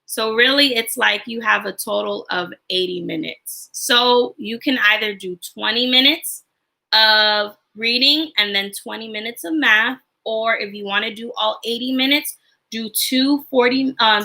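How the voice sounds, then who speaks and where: A woman's voice: a little high, vocal fry, sharp tone. A woman teacher giving step-by-step class announcements on a livestream, with fillers and restarts.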